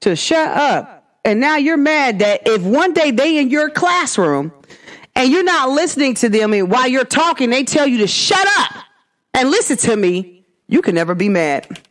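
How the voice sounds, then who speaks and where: A woman's voice: high-pitched, sing-song, normal speed. A woman hosting her own podcast, talking in a casual, emphatic monologue full of rhetorical questions. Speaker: podcast host.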